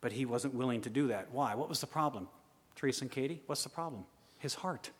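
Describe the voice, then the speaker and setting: Pastor, male, mid-pitched, animated delivery from loud to hushed, long hall reverb. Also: fast talker, husky. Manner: animated, swings from loud urging to hushed asides. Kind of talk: sermon.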